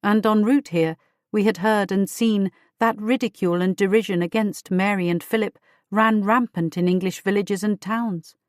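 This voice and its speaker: Measured woman narrating an audiobook. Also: medium pitch, steady tone, no room sound, studio quality. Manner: measured, storytelling. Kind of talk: first-person audiobook narration.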